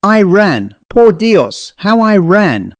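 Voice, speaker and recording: A man's voice: high-pitched, big pitch swings, slow, no room sound, voice pushed up, heavily acted. A man voicing a boastful, fanciful young male office clerk who talks in a sly, teasing way.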